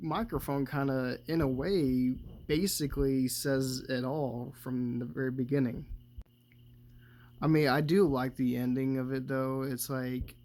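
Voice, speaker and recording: A man talks through a movie in a loose, unscripted way. He swears constantly, chuckles between thoughts and trails off as he goes. His voice sits at an everyday middle pitch. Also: a little mellow. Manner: rambling, heavy swearing, chuckles often. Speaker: movie reviewer. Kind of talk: casual spoken movie commentary.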